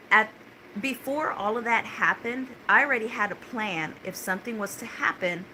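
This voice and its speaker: A woman with a fairly low voice tells a story into her phone. She rambles with fillers and restarts, pressing on with urgency. Noise can be heard clearly behind her. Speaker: concert survivor telling her story. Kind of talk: casual spoken account to a phone. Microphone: phone held close.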